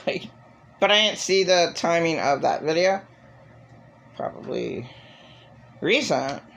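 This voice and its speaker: A woman's voice: fairly low pitch, animated, slow pace, creaky. A woman vlogging in a rambling, profane monologue, venting with raw emotion. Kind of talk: casual monologue.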